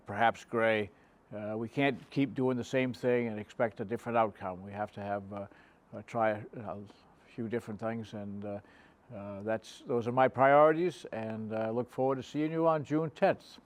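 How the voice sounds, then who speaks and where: A man running for reelection to town council, speaking haltingly with many pauses and fillers. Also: on the low side. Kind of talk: candidate statement.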